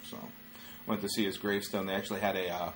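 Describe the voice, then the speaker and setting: A man with a low-pitched voice chatting loosely as a podcast co-host, trailing off and filling pauses as he goes. He sounds middle-aged and unhurried, and a faint hiss of noise sits under the recording. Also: little pitch movement, a bit bright. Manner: loose and rambling, with frequent filler words. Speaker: stand-up comedian, podcast co-host. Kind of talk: casual chat.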